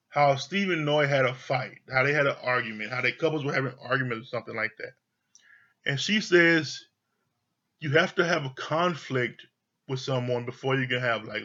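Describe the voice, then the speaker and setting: A man's voice: medium pitch, sharp tone, dull audio. A man giving a casual, candid recap of a reality show, swearing freely and acting out what the cast said. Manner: candid, profane, retells scenes with quoted voices. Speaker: show reviewer.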